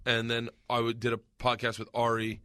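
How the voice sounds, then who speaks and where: Bright animated man telling stories. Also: mid-range voice, brisk, clear, resonant tone, no echo, clean studio sound. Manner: animated storyteller, shouts and laughs at punchlines. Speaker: podcast host. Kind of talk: casual comedy podcast chat.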